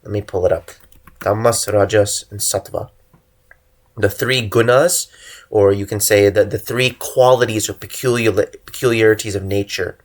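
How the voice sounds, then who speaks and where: A young man delivering an earnest preaching monologue, exhorting listeners and stressing lists of single words. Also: fairly low pitch. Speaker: religious channel host.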